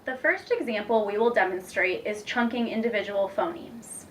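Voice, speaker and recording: A young woman teacher demonstrating a reading lesson, patient and encouraging, speaking slowly and clearly. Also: mid-range voice, animated. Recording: distant mic with faint background noise.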